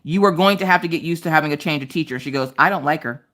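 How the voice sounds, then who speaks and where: A woman's voice: low voice, rapid-fire. A woman in her thirties hosting a casual livestream, telling family stories with frequent laughter. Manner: animated, laughs often while telling stories. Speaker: livestream host. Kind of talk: casual storytelling chat.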